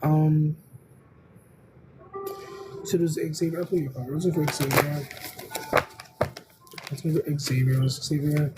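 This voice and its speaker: A tarot reader hosts a casual live stream, rambling unhurriedly with lots of "um"s and "I don't know"s. Her medium-pitched voice shows little pitch movement, and there's background noise.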